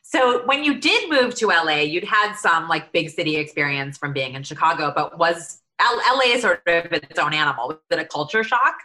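A woman's voice: fairly low pitch, lively intonation, moderate pace, few pauses, pushed and bright. A woman co-hosting a podcast, asking questions in a playful, teasing way. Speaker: podcast co-host. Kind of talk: interview questions.

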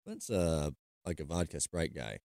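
A man with a low, dark voice, talking fast in relaxed podcast banter. He tells stories with a laid-back ease. The sound is close and dry. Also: creaky, dry recording. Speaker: podcast co-host, racing driver. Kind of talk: casual chat.

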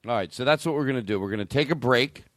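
A man's voice: mid-range voice, fast talker, fairly bright tone, dry recording, clean studio sound, faint music behind. A man hosting a comedy podcast, rambling and cutting himself off in playful banter. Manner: rambling, self-interrupting, playful. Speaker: podcast host. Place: club venue with live music. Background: live trumpet and drum.

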